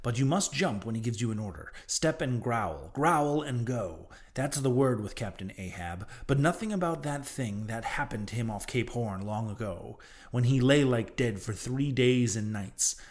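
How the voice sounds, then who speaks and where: A man's voice: medium pitch, lively intonation, normal speed, darkish tone, close to an everyday voice. A man voicing a ragged old male sailor prophet who talks in emphatic, mocking old-fashioned sea speech. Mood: ominous. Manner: archaic sailor talk, emphatic, derisive.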